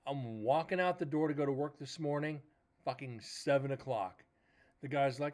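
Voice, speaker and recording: A man's voice: mid-range voice, normal speed, a little mellow. A man hosting a paranormal livestream, casually telling a rambling story, swearing now and then and retelling conversations as quoted dialogue. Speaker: paranormal show host.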